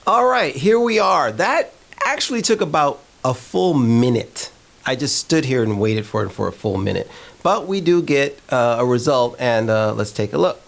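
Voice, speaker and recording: A man hosting a filmmaking channel, giving a candid, opinionated, conversational review of software. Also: medium pitch, expressive, normal speed, gravelly, slight background noise. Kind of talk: casual tech review talk.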